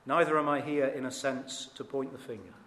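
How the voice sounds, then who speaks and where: A man preaching a sermon, earnest and emphatic, with dramatic rises in pitch and volume. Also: fairly quick, fairly bright tone. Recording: echoey hall.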